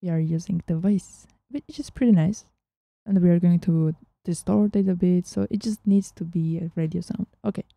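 A woman hosting a casual software tutorial, chatting as she works and often dropping into a whisper. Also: fairly low pitch, moderate pace, gravelly, no room sound. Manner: chatty, thinking aloud, often drops to a whisper. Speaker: tutorial host.

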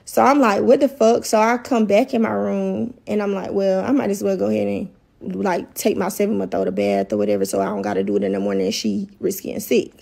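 A woman's voice: medium pitch, creaky, darkish tone. A young woman telling a story in a heated, profane, casual rant. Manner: heated, profane, fast-rising outrage. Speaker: storyteller in a viral clip.

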